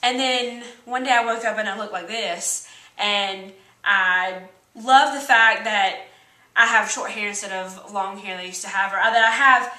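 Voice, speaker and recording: A woman's voice: medium pitch, measured pace, bright, forceful tone, roomy sound, far from the mic, rough recording. A young woman with a rural American country accent, co-hosting a motivational vlog in a chatty, earnest way. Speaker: co-host. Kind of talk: casual motivational vlog talk. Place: indoor room with a kitchen counter.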